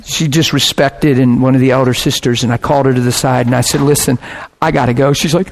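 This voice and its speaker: A man preaching, telling a personal story with lively swings between hushed and shouting moments. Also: on the high side, fairly quick. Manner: animated, bursts into shouting and laughter. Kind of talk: sermon storytelling.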